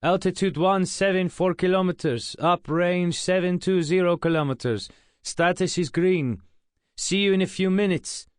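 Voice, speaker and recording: A man voicing a Russian mission controller giving brisk, procedural radio readouts. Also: high-pitched, clear, resonant tone, no room sound, studio quality, pitched above the performer's own voice, close to an everyday voice.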